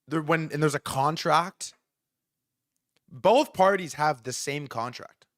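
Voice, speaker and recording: A young man in his twenties hosting a live stream, talking in a profane, excitable, rambling way. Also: fairly high pitch, slow, dry recording, clean studio sound. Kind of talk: casual live commentary.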